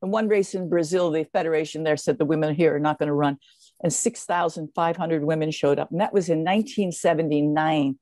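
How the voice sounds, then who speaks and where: An older woman, a guest in an interview, telling stories in a lively way with many fillers and restarts. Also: low voice, brisk, no echo. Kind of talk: casual interview storytelling.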